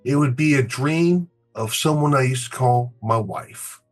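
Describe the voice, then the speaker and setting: A man speaking as a player in a tabletop game, thoughtful and measured. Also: medium pitch, faint music behind. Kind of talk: tabletop role-play chat.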